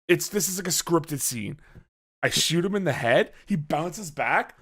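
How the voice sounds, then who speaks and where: A man on a casual podcast tells a story with a lot of energy, acting out his own reactions and swearing freely. His voice sits a little high and swoops up and down in pitch. He sounds like a host chatting with friends. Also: animated, normal speed, a bit bright.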